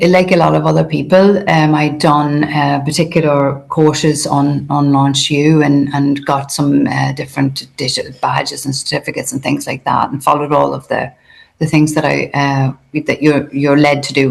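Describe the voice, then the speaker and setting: Low gravelly-voiced woman guest. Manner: hesitant, many fillers and restarts. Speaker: interview guest. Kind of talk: conversational interview.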